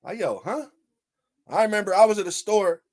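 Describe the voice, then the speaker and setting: A man from Michigan giving casual, animated reaction commentary, firing off repeated rhetorical questions and swearing freely. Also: high voice, normal speed. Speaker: video commentator.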